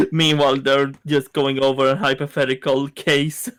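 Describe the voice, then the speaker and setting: A man playing a tabletop game, playful and excitable, often laughing. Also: medium pitch, normal speed. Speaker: player. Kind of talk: casual tabletop game play.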